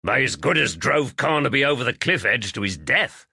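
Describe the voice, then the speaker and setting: A man's voice: medium pitch, sing-song, moderate pace, vocal fry, sharp tone, breathy edge, no room sound, clean studio sound, voice pushed up, heavily acted. A man voicing a young constable who speaks plainly and asks blunt questions. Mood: questioning.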